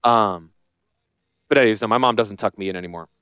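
A man's voice: fairly low pitch, fast talker, fairly bright tone, clear, resonant tone, no echo. A man hosting a financial talk radio show, brash, sarcastic and rambling. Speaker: radio host, financial planner. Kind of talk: joking talk radio monologue.

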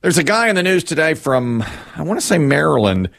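A man's voice: a little high, big pitch swings, brisk, vocal fry, fairly bright tone. A man hosting a radio show in a studio, telling stories in casual banter and laughing often.

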